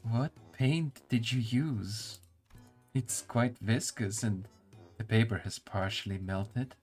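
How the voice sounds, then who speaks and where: A man's voice: mid-range voice, takes it slowly, darkish tone, breathy edge, faint music behind. A male streamer reading game dialogue and narration aloud, musing and stumbling over hard words.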